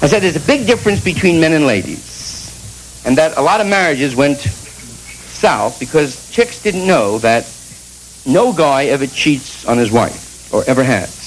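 A man's voice: fairly high pitch, expressive, a little slow, faint music behind, low-quality recording. A male stand-up comedian delivering an irreverent, rambling monologue full of restarts and asides.

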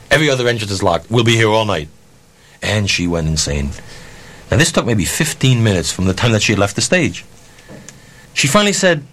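Male storyteller, concert promoter type, lively pitch swings, salty language, plays every line of dialogue himself. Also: fast talker. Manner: animated, profane, acts out dialogue. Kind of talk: storytelling anecdote.

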